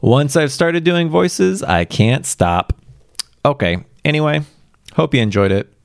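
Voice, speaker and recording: A man's voice: on the high side, big pitch swings, measured pace, gravelly, no echo, studio quality. A man hosting a story-reading podcast, chatting casually and rambling as he thinks aloud, with frequent chuckles. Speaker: podcast host reading old stories. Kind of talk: casual after-reading chat.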